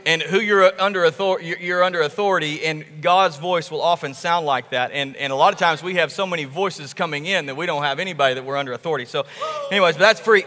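A male pastor preaching a sermon, telling the story with animated, emphatic repetition. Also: high voice, a little fast, long reverb tail. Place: church sanctuary.

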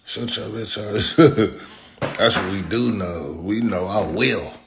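A man's voice: fairly low pitch, slow, background noise. A young man in a profane, taunting rant, repeating his insults over and over. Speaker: social media commenter. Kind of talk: angry rant.

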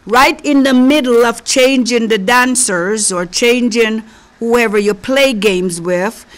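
A woman preacher with a slight accent giving a conversational sermon, speaking earnestly and directly to her listeners. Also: mid-range voice. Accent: non-native English. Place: local community TV studio.

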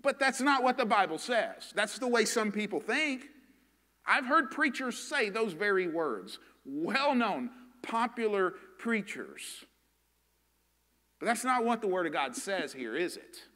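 A Southern US pastor preaches with earnest emphasis, asking his congregation questions as he drives each point home. His voice sits high and sounds bright and forceful. The sound carries a long reverb from the church sanctuary. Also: expressive, slow pace. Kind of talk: sermon.

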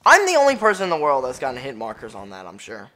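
A gamer doing live gameplay commentary, ranting profanely at the match and bursting into excited yelling. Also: mid-range voice, quick pace. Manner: profane, frustrated ranting at the game.

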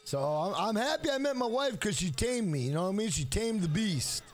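A man's voice: high voice, very animated, quick pace, soft background music. A man livestreaming, chatting casually and telling rambling, profane stories full of "bro.". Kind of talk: casual stream chat and storytelling.

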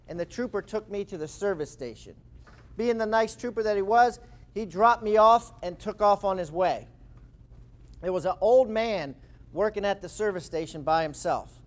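Man, forties, high-pitched, animated storyteller, author giving a talk. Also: normal speed. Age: 40s. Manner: lively anecdotal storytelling. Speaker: speaker and author.

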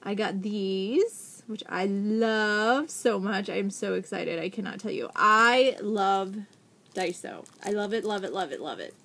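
A young adult woman vlogging at home, gushing excitedly as she shows off a package of gifts and repeats herself a lot. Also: medium pitch, measured pace, creaky. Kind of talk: casual haul video.

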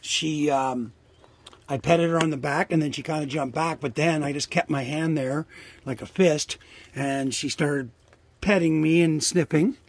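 A man's voice: fairly high pitch, steady tone, a little slow, breathy edge. An older man casually vlogging outdoors by a trailer near the woods, rambling and coaxing animals fondly, swearing now and then. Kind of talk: casual outdoor vlog narration.

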